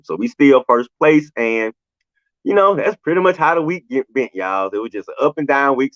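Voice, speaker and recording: A man's voice: fairly high pitch, dry recording. Fired-up man ranting, lo-fi call audio. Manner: emotional, shouts and preaches at the team, Southern colloquial speech. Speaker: sports show co-host. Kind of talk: impassioned fan rant on a live stream. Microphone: video call.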